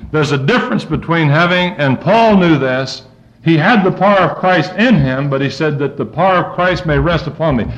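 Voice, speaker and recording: A man's voice: animated, normal speed. Dull lo-fi recording of a male preacher. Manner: preaches with wide swings of pitch and loudness, reading scripture in rising tones. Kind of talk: sermon.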